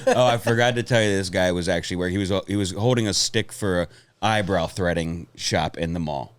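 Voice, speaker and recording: Low in pitch and talking a little fast, this man is a comedian guest chatting casually on a podcast. His stories wander, he swears freely, and he keeps breaking into laughter.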